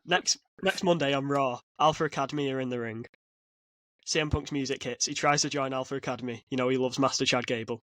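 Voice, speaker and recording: A man co-hosting a casual podcast, talking excitedly and rambling with frequent restarts. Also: medium pitch, quick pace, no echo. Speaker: podcast co-host. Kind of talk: casual chat. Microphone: podcast mic.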